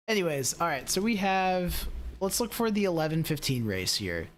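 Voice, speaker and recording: A fairly high-voiced man runs a live sim racing stream. He chats loosely and rambles with his audience, padding his talk with fillers. His tone stays easygoing and offhand. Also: big pitch swings, moderate pace, slight background noise. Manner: rambling, talks straight to chat with lots of fillers. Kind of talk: casual live-stream chat.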